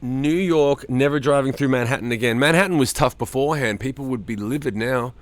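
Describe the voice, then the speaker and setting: A man's voice: medium pitch, brisk, no echo. A middle-aged man hosting a loose livestream from home, chatting with viewers by name and swearing freely. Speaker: streamer hosting a live chat. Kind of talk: casual livestream chat reading viewer comments.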